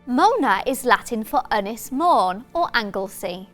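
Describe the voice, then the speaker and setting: A woman's voice: on the high side, expressive, measured pace, a bit bright, soft background music. A woman narrator adding dry explanatory asides in a history lesson. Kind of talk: educational narration.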